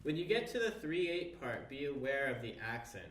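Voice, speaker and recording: A man's voice: medium pitch, sing-song, moderate pace, a bit bright. A man teaching a cello part step by step, counting the beats aloud with patient instructions. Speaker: music teacher. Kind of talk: instrument tutorial. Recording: roomy, distant mic with cello playing.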